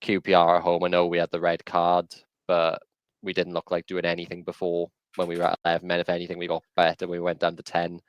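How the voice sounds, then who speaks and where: A man's voice: low-pitched, completely flat delivery, quick pace, clean tone, highs cut off. A man co-hosting a casual podcast over a video call, rambling and opinionated with frequent restarts. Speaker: podcast co-host.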